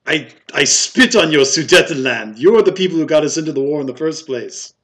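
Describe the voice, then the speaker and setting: A man's voice: fairly high pitch, expressive, normal speed, pitched above the performer's own voice, natural voice. A man doing a scornful old barkeep. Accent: English. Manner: gruff, contemptuous, spits. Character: grumpy suspicious male Czech barkeep.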